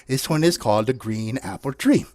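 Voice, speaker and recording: A man's voice: medium pitch, normal speed, dry recording, studio quality. A man hosting a playful Zoom puppet show, telling silly stories and leading a children's sing-along with jokey asides. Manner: jokey and animated, chatty asides to the audience. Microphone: video call.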